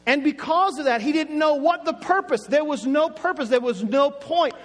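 A man's voice: very high-pitched, moderate pace. A man from Oklahoma with an Oklahoma accent, preaching a sermon in a playful, conversational way and stretching words for emphasis. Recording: echoey hall with faint music.

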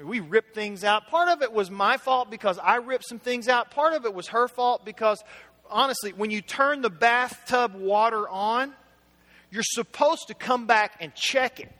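A man's voice: very high-pitched, normal speed, bright, forceful tone. A middle-aged man preaching a conversational sermon, chatty and anecdotal, talking straight to his congregation. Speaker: pastor. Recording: hall reverb.

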